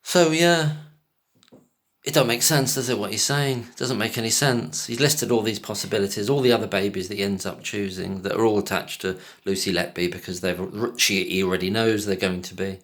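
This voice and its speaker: A man's voice: fairly low pitch, fairly even intonation, brisk, hardly any pauses, fairly bright tone. A man giving casual, scornful commentary on a podcast clip, cutting in with pointed questions. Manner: scornful, talks over clips with pointed questions.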